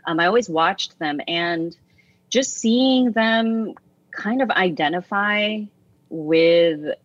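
A low-voiced woman in her forties speaks as an interview guest, earnest and reflective, reaching back through her own story in loose conversational talk. Her voice sits on a dry, slightly dull recording with no room sound. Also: slow pace, no echo. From United States. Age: 40s. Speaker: interview guest, music teacher and author.

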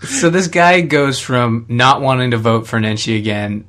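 A man from Canada co-hosting a casual chat podcast, relaxed and explaining with many ums and uhs. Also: mid-range voice, normal speed. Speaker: podcast co-host.

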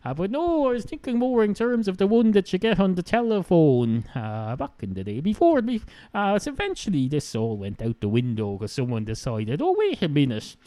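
A man with an Irish accent rambles through a solo podcast monologue, peppering his talk with "uh" and self-mocking asides. His pitch swings widely and his tone is mellow and dark. The sound is dry and close, with no room behind him. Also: big pitch swings, normal speed, hardly any pauses, dry recording. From Ireland. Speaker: podcast host.

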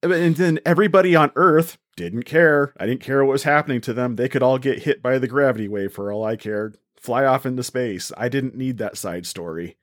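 A man's voice: medium pitch, a little fast, few pauses, no echo, studio quality. Opinionated man reviewing a film. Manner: opinionated, emphatic, restarts phrases. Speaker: podcast co-host. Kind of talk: casual movie review chat.

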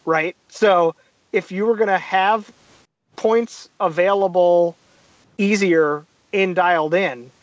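Male podcast guest, high voice, lively anecdotes with acted-out quotes; dry, slightly muffled sound. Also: takes it slowly, no room sound. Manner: animated storyteller, acts out quotes. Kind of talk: casual podcast chat.

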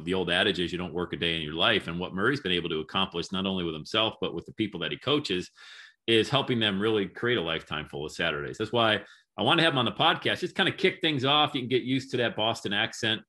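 A male podcast host talks in a lowish voice with a bright, forceful edge. He speaks in a casual, upbeat and encouraging way as he interviews his guest. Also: fast.

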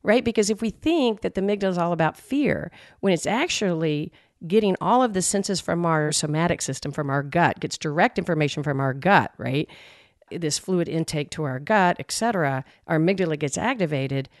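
A woman co-hosting a podcast, telling a personal story in a lively, animated way and acting out her own frustration. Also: fairly low pitch, fairly quick, no echo, studio quality. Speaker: podcast co-host. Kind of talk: casual podcast conversation.

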